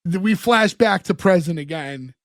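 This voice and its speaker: High-voiced man recapping a sitcom. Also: lively intonation, dry recording, studio quality. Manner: recounts scenes with quick acted-out quotes. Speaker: podcast co-host. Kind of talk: casual chat recapping a sitcom episode.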